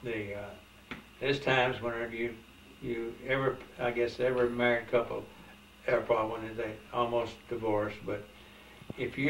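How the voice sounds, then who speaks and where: An older man reminiscing in a family interview, talking haltingly with many pauses and restarts. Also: medium pitch, a bit bright, roomy sound, far from the mic, slight background noise, rough recording.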